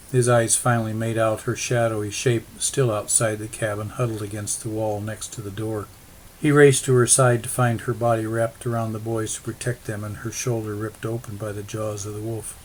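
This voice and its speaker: A man reading a story aloud as a narrator, in a steady, even storytelling manner. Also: lowish voice, moderate pace, a little hiss or hum. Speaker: audiobook narrator. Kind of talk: scripted narration.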